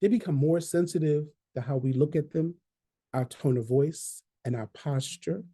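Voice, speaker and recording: A man's voice: a little high, moderate pace, dark tone, slightly rough. A man leading a training session, talking conversationally, repeating key phrases and checking in with "right?". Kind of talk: online training talk.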